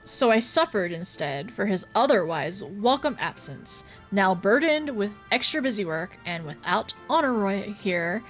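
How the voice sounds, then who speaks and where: A woman's voice: mid-range voice, gravelly. A woman voicing a pompous sulky young nobleman. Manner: haughty, complaining, theatrical. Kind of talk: reading game dialogue aloud.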